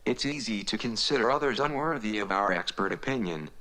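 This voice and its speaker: A synthetic male voice reading a prepared conference speech in a flat, robotic monotone. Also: fairly low pitch, a little fast, low-quality recording. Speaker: conference speaker.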